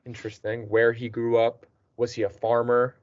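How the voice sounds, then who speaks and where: A man's voice: medium pitch, completely flat delivery, moderate pace, dry recording. A man teaching a student one-on-one, patient and encouraging, checking in with the student often. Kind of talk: one-on-one tutoring session. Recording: dull dry lo-fi recording.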